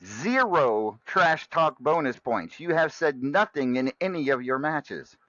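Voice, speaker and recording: A man's voice: on the high side, lively intonation, measured pace, pushed and bright, dry recording, lo-fi sound. A man hosting an online wrestling show in a casual, joking way, often stammering and repeating himself. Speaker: host.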